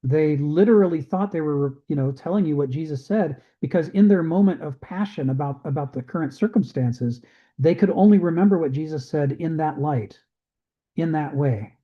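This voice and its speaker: A man with a fairly high voice leads an online discussion over a video call. He explains in an easy lecture style and slips into little voices for quotes. The audio is dull and lo-fi. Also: normal speed. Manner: animated, acts out quoted voices. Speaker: host of an online discussion group. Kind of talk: casual lecture-style chat.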